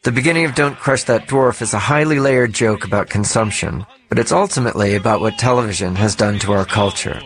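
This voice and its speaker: A man giving scripted documentary narration in a measured, even delivery. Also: on the low side.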